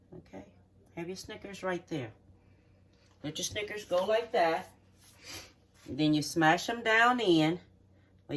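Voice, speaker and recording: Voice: medium pitch, a bit bright. A home cook walking viewers through a recipe in a folksy, chatty way, checking in often with the audience, in a home kitchen. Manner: folksy, chatty step-by-step instructions with frequent "okay?" check-ins. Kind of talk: cooking demonstration. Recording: voice distant from the mic.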